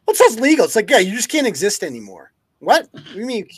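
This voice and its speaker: A man's voice: sits high, huge pitch swings, fast talker, breathy edge, dry recording. A man hosting a live news-commentary podcast, ranting with heavy profanity and sarcasm. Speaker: podcast host.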